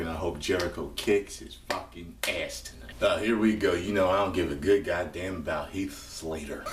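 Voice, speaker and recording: A man reviewing a wrestling show live as he watches, profane and prone to loud excited outbursts. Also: sits low, normal speed, few pauses, reverberant, far from the mic, a little hiss or hum. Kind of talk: live reaction commentary.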